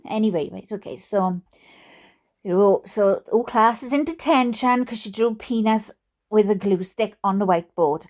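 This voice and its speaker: A woman's voice: medium pitch, normal speed, a little mellow. A Welsh woman reading funny stories aloud, with chatty, giggly, mock-indignant asides. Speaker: storyteller reading viewer stories.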